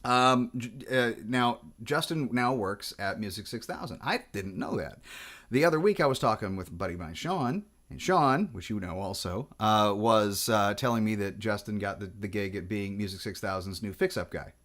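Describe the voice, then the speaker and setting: A man's voice: on the low side, normal speed, fairly bright tone. A man with a Pacific Northwest accent chatting casually about guitars in a digressive way, full of restarts and fillers. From Washington State. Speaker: guitar vlogger. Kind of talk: rambling casual chat.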